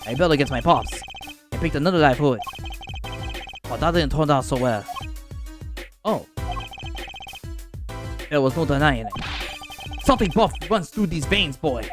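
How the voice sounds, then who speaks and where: A man's voice: fairly high pitch, animated, normal speed, long pauses, lightly acted. Give me a boisterous middle-aged noodle seller, as a man puts him on, over game music. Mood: dramatic. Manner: loud, proud, theatrical.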